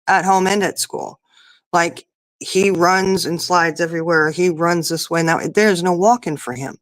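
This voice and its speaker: A woman's voice: fairly low pitch, no room sound. A woman in her fifties chatting casually, telling rambling stories about her kids. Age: 50s. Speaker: podcast guest or co-host. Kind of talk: casual chat.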